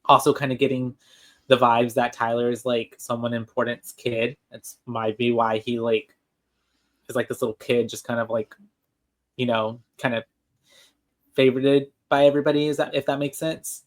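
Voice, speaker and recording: A man's voice: mid-range voice, flat delivery, normal speed. Casual man recapping a movie. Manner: rambling, filler-heavy recap. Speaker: podcast co-host. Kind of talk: casual chat.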